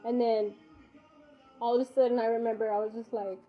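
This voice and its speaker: Woman, higher voice, casual storyteller who acts out each exchange and swears freely; dull lo-fi recording. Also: flat delivery, brisk, faint music behind. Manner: re-enacts dialogue, swears casually. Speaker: mother recounting a personal story.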